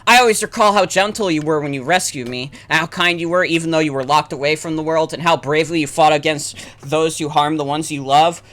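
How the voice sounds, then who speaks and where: A woman reading the lines of a gentle, devoted young female companion, soft and heartfelt. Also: low voice, a little fast, hardly any pauses. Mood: affectionate.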